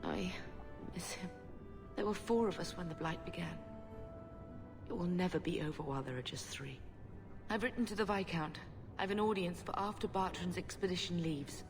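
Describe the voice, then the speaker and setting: Woman playing a grieving middle-aged mother, lowish soft voice, long reverb, game music behind. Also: moderate pace, pauses often, close to an everyday voice. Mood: sorrowful. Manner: soft, sorrowful and earnest. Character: grieving noble mother of grown children, gentle and earnest. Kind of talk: video game dialogue.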